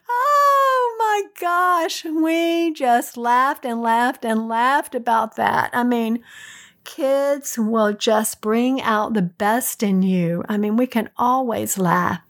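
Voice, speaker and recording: A middle-aged woman co-hosts a podcast, delivering a solo pep talk full of stories. Her mid-range voice is recorded cleanly in a studio with no room sound, and she talks slowly and chattily, laughing often.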